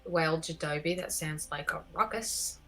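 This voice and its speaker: A woman's voice: deep voice, unhurried, sharp tone, faint music behind. A woman playing a tabletop game, speaking with dry, wry asides. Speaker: player. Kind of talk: tabletop role-play.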